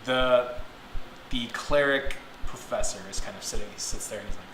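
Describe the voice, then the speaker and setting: Male game master, loose and chatty, recorded in a roomy space with steady noise. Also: mid-range voice. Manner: casual, halting, lots of fillers. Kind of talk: narrating a tabletop game. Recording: roomy room with background noise.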